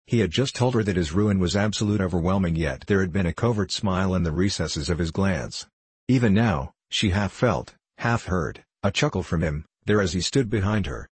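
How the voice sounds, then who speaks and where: Low, husky male audiobook narrator. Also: expressive, moderate pace, no echo. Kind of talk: scripted narration.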